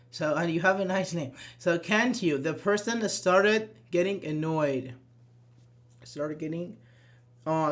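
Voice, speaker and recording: A man teaching an online English grammar class, reading example sentences aloud and quizzing his students. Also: fairly high pitch.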